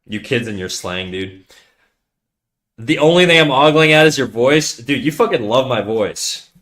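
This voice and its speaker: A young man live streaming, chatting casually with viewers in a deep, bassy, nasal voice, talking fast with frequent stutters and restarts, swearing and calling everyone dude. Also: expressive, a bit bright. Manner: swearing, slangy, calls listeners dude. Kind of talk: casual chat reading viewer comments.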